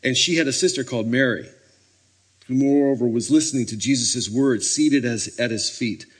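Husky male preacher telling stories. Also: mid-range voice, normal speed. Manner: animated storytelling, acting out scenes. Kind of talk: sermon.

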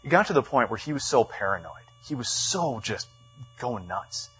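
A man preaching to a room full of people, telling his story with lively energy and plenty of ums. The sound is slightly muffled, with a faint hum underneath. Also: mid-range voice, normal speed. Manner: animated storytelling, many fillers, acts out quotes. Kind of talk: storytelling sermon. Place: church meeting room with a live audience.

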